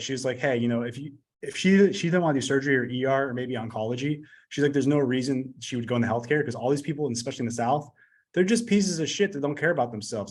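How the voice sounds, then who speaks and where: A man in his thirties, a podcast guest talking bluntly and profanely, rambling with lots of fillers. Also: medium pitch. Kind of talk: casual podcast interview.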